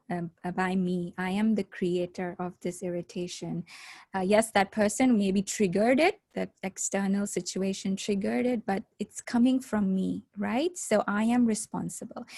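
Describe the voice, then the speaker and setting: A woman leading a spiritual workshop, explaining calmly and gently, often checking in with a "right?". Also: mid-range voice, no echo. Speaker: meditation workshop teacher.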